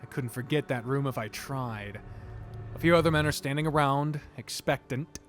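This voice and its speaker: A man's voice: medium pitch, moderate pace, soft background music. A man playing a text game, reading the story aloud and chatting along, cursing freely. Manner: animated, swears freely. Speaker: let's play gamer.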